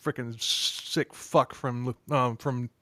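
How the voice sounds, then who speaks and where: A man's voice: medium pitch, fairly even intonation, slow pace, pushed and bright, no room sound, studio quality. A man hosting a podcast in casual chat, rambling with frequent restarts and laughing often. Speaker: podcast host.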